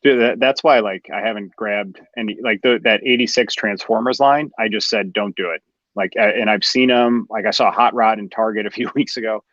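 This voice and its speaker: A man's voice: lowish voice, fairly even intonation, a little fast, hardly any pauses, fairly bright tone, dry recording, lo-fi sound. A man hosting a live show in casual chat, enthusiastic and reading out viewer comments. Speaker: host of a live collectors' show.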